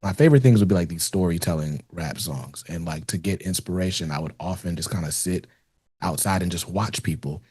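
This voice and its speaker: A man hosting a podcast, chatting in a relaxed, rambling way with lots of fillers. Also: low-pitched, brisk, husky, dry recording, studio quality. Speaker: podcast host. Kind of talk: casual interview chat.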